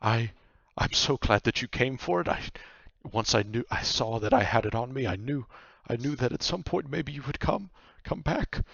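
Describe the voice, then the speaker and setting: A man's voice: medium pitch, animated, normal speed, gravelly, a bit bright, no echo, muffled recording, voice pushed up. Man doing a stammering cloaked nightmare spirit. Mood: hesitant. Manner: hesitant, stumbling over words.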